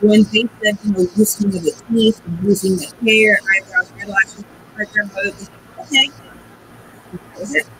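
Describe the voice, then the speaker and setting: A woman in her forties, a guest telling a personal family story in a rambling, halting way, tearful at times. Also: medium pitch, steady tone, a bit bright, slight background noise, rough recording. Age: 40s. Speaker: guest, cigar business owner.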